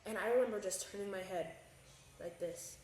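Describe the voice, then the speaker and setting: A woman's voice: medium pitch, normal speed, darkish tone. A young woman co-hosting a podcast, telling a story in casual, profane chat and acting out her own quotes. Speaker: podcast co-host. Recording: very echoey room.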